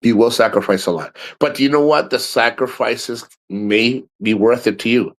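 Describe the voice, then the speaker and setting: A middle-aged man talks straight into his streaming mic in a loose, rambling way. He is blunt and swears freely. His voice sits at an ordinary mid pitch. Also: normal speed. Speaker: livestream host. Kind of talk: casual livestream talk.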